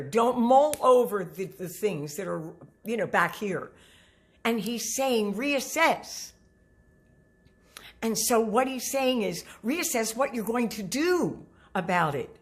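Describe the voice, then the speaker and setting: A woman's voice: mid-range voice, fairly bright tone. A middle-aged woman singing teacher giving a motivational talk to camera, earnest and coaching, often repeating herself.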